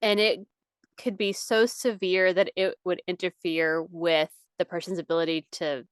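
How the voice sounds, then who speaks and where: A woman's voice: on the low side, little pitch movement, moderate pace, clean tone, no room sound. A young adult woman co-hosting a podcast in casual chat, swearing freely and saying "like" a lot. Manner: chatty, swears freely, lots of "like". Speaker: podcast co-host.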